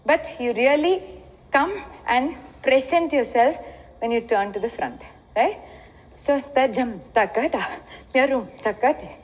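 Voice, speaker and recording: A woman's voice: high-pitched, measured pace, a little hiss or hum. An Indian-accented woman teaching a dance lesson, explaining steps and chanting rhythmic dance syllables in between. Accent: Indian English. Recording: echoey hall, muffled lo-fi sound.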